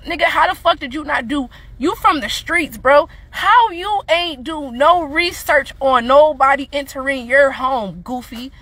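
High bright-voiced woman ranting angrily. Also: unhurried, hardly any pauses, dry recording. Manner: angry, mocking, laughing scornfully, swearing. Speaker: livestreamer responding to her child's father. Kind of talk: heated livestream rant.

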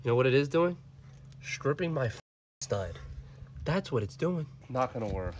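A young man live-streaming while he works on a car, loud and excitable, swearing often and talking to his chat. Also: medium pitch, moderate pace, noisy background. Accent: Florida.

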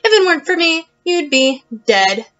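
A woman's voice: very high voice, big pitch swings, normal speed, a bit bright, lo-fi sound, voice pushed up, exaggerated voice. A woman doing a bragging bird catcher. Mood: boastful. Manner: boastful, swaggering. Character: boastful feathered male bird catcher.

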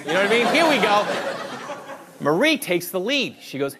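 A man doing stand-up storytelling on a comedy club stage, animated and conspiratorial, checking in with the crowd. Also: on the high side, brisk. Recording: live club audio with crowd noise.

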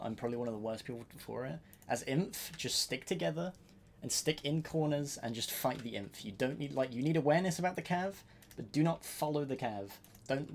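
A man streaming a competitive match, shouting quick, repetitive orders to his team and swearing often. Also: mid-range voice, slight background noise. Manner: urgent, repetitive callouts, swearing. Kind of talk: live gaming comms, giving orders.

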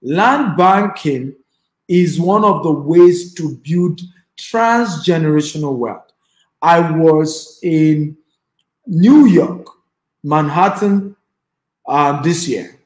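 A man's voice: fairly high pitch, animated, drawn-out words, a little mellow. Emphatic Nigerian man lecturing in an echoey room. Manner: emphatic, repetitive, urging the audience to type. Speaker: real estate investor and trainer. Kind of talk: online class lecture.

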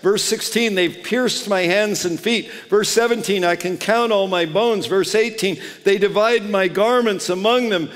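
A male pastor preaching a sermon and reading scripture, sometimes building to fervent shouts and sometimes dropping to a hushed tone. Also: high voice, unhurried, few pauses, in a large hall. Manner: impassioned, rising to shouts on scripture; drops to a soft, hushed tone. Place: church sanctuary.

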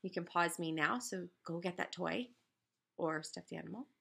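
A woman teaching first graders in a recorded read-aloud lesson, speaking in a gentle, instructive tone to children. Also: fairly low pitch, moderate pace, gravelly, slightly rough.

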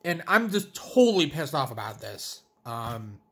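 A man's voice: fairly high pitch, big pitch swings, a little slow, bright, forceful tone, husky. Ranting, sarcastic young-sounding man. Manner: ranting, sarcastic, with restarts and swearing. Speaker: food reviewer. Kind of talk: casual vlog taste test.

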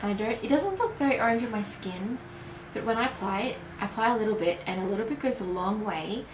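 A tired woman in her early twenties chatting through a casual beauty review, rambling and unhurried with plenty of hesitations. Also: medium pitch, lively intonation, background noise. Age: early 20s. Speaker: beauty vlogger. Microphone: camera mic. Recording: roomy echo.

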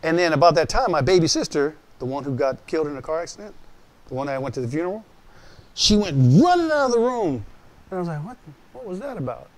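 Animated storytelling pastor, a man. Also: fairly high pitch, quick pace. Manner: animated storytelling, acting out quoted voices; direct and conversational with listeners. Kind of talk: personal testimony sermon.

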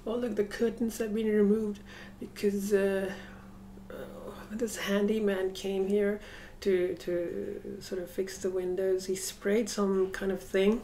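Slow, reflective woman vlogging at home. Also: mid-range voice, flat delivery, dark tone, slight background noise. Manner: reflective and rambling, with frequent hesitations. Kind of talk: casual vlog monologue. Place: room at home. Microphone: camera set up across the room.

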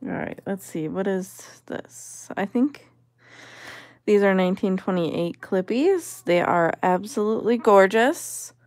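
A woman's voice: mid-range voice, slow, a little mellow, no room sound, clean studio sound. A woman vlogger giving casual commentary as she sorts vintage jewelry, musing and appraising each piece aloud.

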